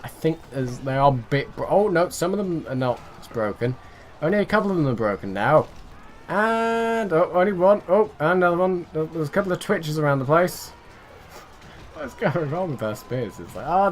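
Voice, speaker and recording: A man's voice: fairly high pitch, very animated, moderate pace, slight background noise. A young man rambling to himself as he gives casual commentary on a strategy game he is playing. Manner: rambling, chatty, talks to himself. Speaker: let's play host.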